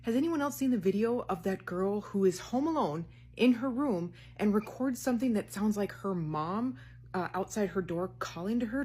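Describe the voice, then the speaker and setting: A woman's voice: medium pitch, breathy edge. A woman hosting a scary story compilation in a casual, chatty way. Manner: chatty, uses fillers like "like". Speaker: host.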